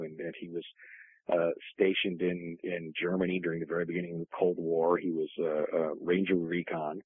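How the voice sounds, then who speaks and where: A man's voice: deep voice, little pitch movement, moderate pace, slightly rough, no room sound. A man telling family stories in a casual interview, rambling with many restarts and fillers. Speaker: guest author. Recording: tinny phone-line audio.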